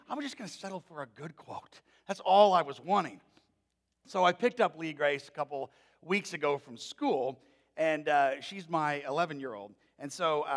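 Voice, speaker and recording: Male pastor, forties; conversational storyteller, high-pitched with a long hall echo. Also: creaky, fairly bright tone. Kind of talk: sermon. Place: church sanctuary.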